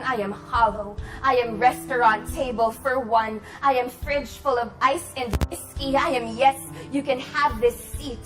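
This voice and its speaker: High-voiced woman performing spoken word. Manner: confessional, intense, builds from hushed to forceful. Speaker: guest poet.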